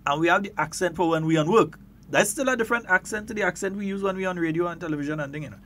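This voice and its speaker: A man with a Grenadian accent hosting a radio talk show in casual chat, lively and quick to laugh. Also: high voice, a little hiss or hum. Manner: lively, laughs often, stretches words for emphasis.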